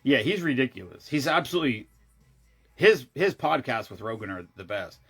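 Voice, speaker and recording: A man in casual conversation, talking in loose, rambling runs that often break off and start again. His voice sits in a middle pitch, and he drops in blunt, profane asides as he goes. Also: big pitch swings, normal speed, a bit bright, slightly rough, faint music behind. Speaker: show regular. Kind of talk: casual chat.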